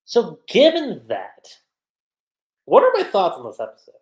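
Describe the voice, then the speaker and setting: A woman's voice: mid-range voice, huge pitch swings, a little slow, darkish tone. A woman giving a casual, slangy livestream review that recaps an anime episode, with plenty of "like"s. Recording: roomy echo.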